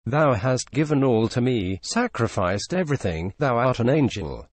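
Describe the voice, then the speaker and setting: A man's voice: medium pitch, expressive, moderate pace, natural voice. A man voicing a grieving elder sister who stammers through tears, in a storybook reading. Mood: tearful.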